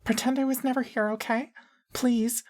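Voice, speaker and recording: Woman putting on a squeaky raspy little girl, shaky and eager, way up high. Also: fairly even intonation, normal speed, darkish tone, natural voice. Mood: pleading whisper.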